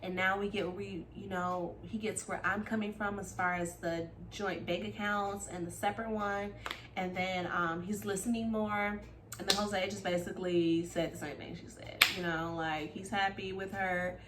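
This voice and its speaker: A woman with recapping a reality show in casual chat, animated and gossipy, jumping between loud exclamations and quiet asides. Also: mid-range voice, moderate pace, noisy background.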